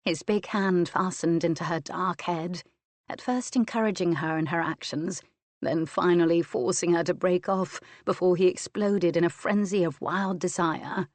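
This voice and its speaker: Woman audiobook narrator, low, measured, intimate, dry close-miked studio sound. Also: steady tone, darkish tone, no echo. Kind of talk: scripted narration of a historical romance.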